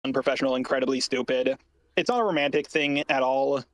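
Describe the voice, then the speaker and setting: A man on an archived call, rambling and halting as he explains himself defensively. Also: mid-range voice, no room sound. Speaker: online creator in an archived call. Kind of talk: casual call conversation.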